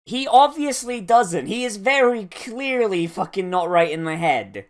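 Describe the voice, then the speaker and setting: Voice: mid-range voice, expressive, a little slow. Sarcastic profane anime reactor. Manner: profane, laughing, sarcastic asides. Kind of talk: casual reaction commentary.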